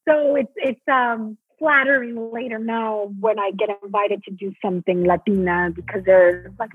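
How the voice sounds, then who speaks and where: Husky woman on a tinny phone line. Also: mid-range voice, normal speed, hardly any pauses. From Mexico. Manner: animated, restarts often. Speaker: Broadway actress guest. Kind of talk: casual interview talk.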